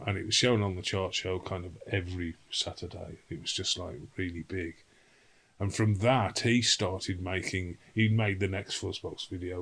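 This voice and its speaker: Low-voiced older man, rambling. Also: a bit bright, slightly rough, poor audio. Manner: rambling storyteller, salty swearing, acts out quotes. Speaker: interview guest, singer. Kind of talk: casual anecdotal interview.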